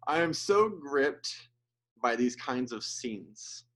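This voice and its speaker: A man's voice: mid-range voice, animated, slow pace, fairly bright tone. A male pastor giving an earnest, conversational sermon, with restarts and asides, who gets emotional as he speaks.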